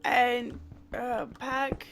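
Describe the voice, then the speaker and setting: A woman's voice: on the high side, flat delivery, very slow, fairly bright tone, faint music behind. Chatty woman with a slightly raised voice. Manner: chatty, laughs often, thanks subscribers. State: hoarse from a cold. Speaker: streamer co-host. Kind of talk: casual livestream chat.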